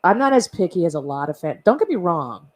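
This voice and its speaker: A woman in a casual podcast chat, rambling through a memory with asides and soft laughs. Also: lowish voice, very animated, fairly quick.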